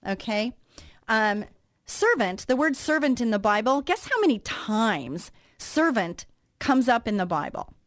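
A woman radio host telling a story in a lively, casual way, acting out the reactions she quotes, then moving into a devotional talk. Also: on the high side, unhurried, dry recording, studio quality.

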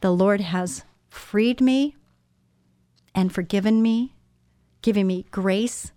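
A woman in her sixties hosts a Christian radio talk show, speaking in an earnest, personal way straight to her listeners. Her voice sits at an ordinary pitch and comes through close and dry on a studio microphone. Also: slow pace, warm tone, no echo.

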